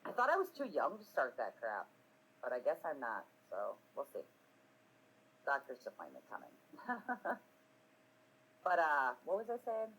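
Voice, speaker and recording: A woman's voice: very deep voice, wildly swooping pitch, measured pace, pauses often, a bit bright, a little hiss or hum, low-quality recording. A woman in her forties chatting on a live stream, rambling and self-mocking, swearing freely and laughing often. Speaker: streamer hosting a live podcast. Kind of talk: casual live-stream chat.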